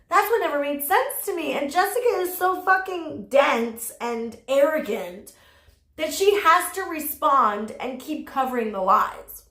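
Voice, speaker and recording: A high-pitched woman ranting through casual drama commentary, blunt and sassy with plenty of swearing. Her voice bounces around a roomy, echoey space. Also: bright, forceful tone. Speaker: commentary YouTuber.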